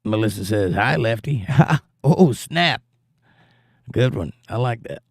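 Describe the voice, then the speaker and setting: A man's voice: on the low side, animated, slow pace, vocal fry, no echo, studio quality. A man from Georgia hosting a livestream, reading viewer comments aloud and telling jokey stories in a folksy way. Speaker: livestream host reading chat. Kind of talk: casual chat.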